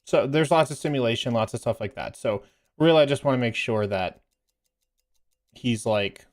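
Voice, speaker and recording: A man's voice: mid-range voice, moderate pace, a little mellow. Man, gaming streamer, casual storytelling, rambling, filler-heavy, laughing. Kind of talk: casual storytelling while playing a game.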